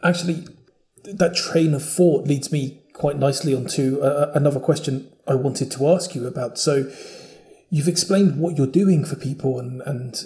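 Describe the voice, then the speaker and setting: A man hosting a podcast interview, asking measured, thoughtful questions and rephrasing as he goes. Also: a little high, warm tone. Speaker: podcast host.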